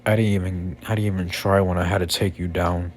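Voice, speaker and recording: A man voicing a calm, confident young male hero student, in a casual, halting delivery with fillers. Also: low voice, slight background noise.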